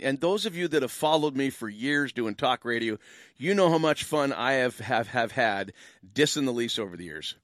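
A Canadian man hosting a late-night call-in radio show and chatting away as a pastor. His pitch leaps up and down as he jokes and rambles through asides. The studio sound is dry and close to the mic. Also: a bit bright, no room sound.

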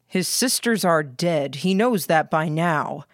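A woman reading the lines of a cold, calculating male commander in a flat, measured way. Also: sits low, dry recording, studio quality.

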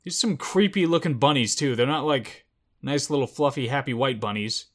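A man's voice: mid-range voice, a little fast. A young man giving jittery live commentary as he watches and reacts to a film, muttering one moment and exclaiming the next.

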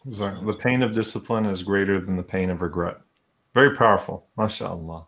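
A man with a fairly low voice joins a casual religious panel discussion. He banters and teases the other speakers playfully. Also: a little fast, a bit bright.

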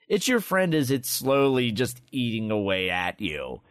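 Clean studio audio without echo captures a man with a medium-pitched voice speaking at a measured pace. Co-hosting a tabletop game podcast, he lively walks through a monster's rules and reads its stats aloud in a casual chat.

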